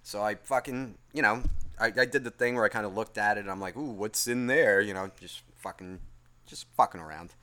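A man telling a work story in a casual, profane rant, swinging from muttering to near-yelling in exasperation. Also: lowish voice, fairly quick.

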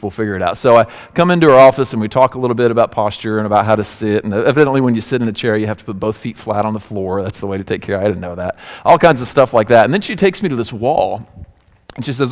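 A man, a pastor, giving a sermon and telling a personal story, acting out the voices of the people in it. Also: on the low side. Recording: hall reverb.

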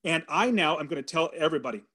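A middle-aged man recounts a personal story as a podcast guest, earnest and animated. His voice sits a little high for a man. He voices his own past thoughts as he goes. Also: quick pace, husky. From California. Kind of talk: storytelling in an interview.

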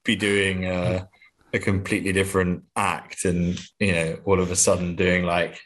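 Speaking at normal speed, this male comedian has a deep, slightly bright voice that barely moves in pitch. As a guest in a casual interview, he keeps restarting his sentences, hesitant and quick to put himself down.

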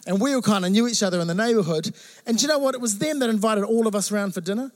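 A man preaching a sermon, telling stories with lively acted-out quotes and jokes. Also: sits high, racing. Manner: animated storytelling with acted quotes. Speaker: pastor.

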